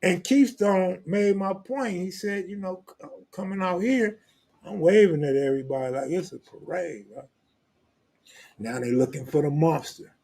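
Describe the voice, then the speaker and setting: Husky-voiced joking Los man. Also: high-pitched, moderate pace, mellow. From Los Angeles, California. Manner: blunt, profane, joking street talk. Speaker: host. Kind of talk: live stream, reading viewer comments.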